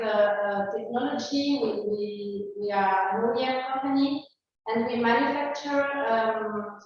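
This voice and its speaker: A woman's voice: fairly high pitch, slight background noise. A woman with a Portuguese accent asking a question at a webinar, hesitant with many fillers. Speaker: webinar participant. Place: hall with live audience. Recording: echoey hall, far from mic, dull.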